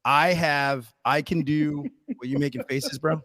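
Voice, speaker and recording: A man on a casual podcast, rambling and animated as a guest storyteller, restarting his sentences and checking in with his listeners as he goes. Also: on the high side, a little slow, no room sound, studio quality.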